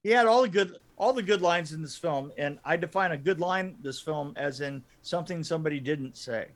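A man co-hosting a casual movie review chat, talking in halting restarts and laughing often. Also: on the high side. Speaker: podcast co-host.

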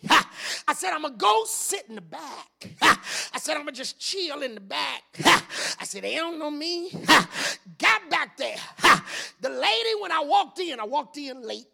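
A man preaching a whooping sermon, chanting and shouting, with a gasped "ha" after every phrase. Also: very high-pitched, creaky.

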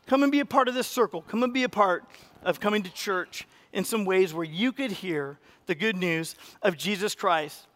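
The sermon comes from a man serving as pastor, spoken at normal speed. He's animated, acting out the voices he quotes with abrupt rises in pitch and volume.

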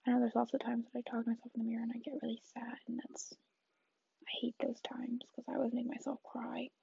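A young woman in a whispered ASMR chat, talking softly and rambling in a reassuring way, close to the mic in a dull lo-fi recording. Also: on the high side, monotone, quick pace, gravelly, slightly rough, dry recording. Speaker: vlogger.

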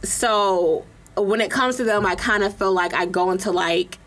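A woman's voice: medium pitch, moderate pace, a bit bright. A woman co-hosting a casual discussion who speaks emphatically and frankly. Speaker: podcast co-host.

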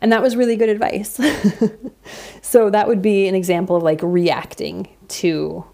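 A woman's voice: mid-range voice, fairly even intonation, normal speed, gravelly, mellow. A woman in her thirties hosting a podcast, talking candidly and reflectively in a casual monologue with lots of fillers. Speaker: podcast host.

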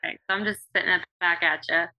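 A woman's voice: lowish voice, fairly even intonation, fast, dull audio. A woman guest on a video-call podcast, chatting casually and sprinkling her talk with "like". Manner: chatty, fillers like "like".

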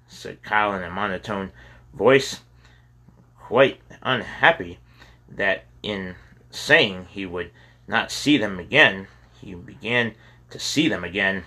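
A male storyteller reads a children's adventure aloud in a low-set, husky voice with a bright, forceful edge. His delivery is steady, with a few stumbles over words. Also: unhurried. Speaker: audiobook narrator.

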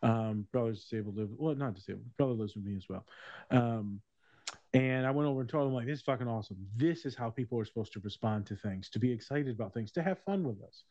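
A man co-hosting a casual podcast, laughing often and cursing his way through stories. His voice sits at an ordinary pitch, close and dry on the mic, with a dull, muffled sound. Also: fast talker, dark tone, dry recording. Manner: profane, laughing storyteller. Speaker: podcast host.

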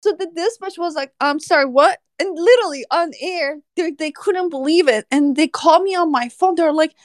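High-voiced woman telling a story. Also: a little fast, no echo. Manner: laughs often while telling the story. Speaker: animal services officer. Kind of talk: casual storytelling on a podcast.

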